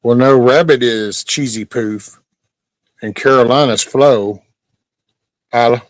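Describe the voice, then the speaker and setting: A man's voice: mid-range voice, slow, dry recording, low-quality recording. Laid-back man, dry close sound. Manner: laid-back, rambling, scolds his dog mid-sentence. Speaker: livestream host. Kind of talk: casual livestream chat. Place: at home near a backyard chicken coop.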